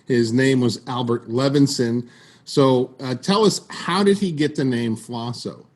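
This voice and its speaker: A man hosting an interview podcast, asking questions with many pauses and fillers. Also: medium pitch. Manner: hesitant, filler-heavy questions. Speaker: podcast host.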